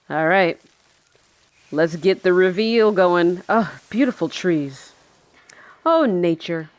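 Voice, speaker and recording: A woman with a lowish voice and lively intonation comments casually on a film as she watches it from her chair indoors. She speaks slowly and pauses often, staying chatty and sarcastic while swearing and laughing frequently.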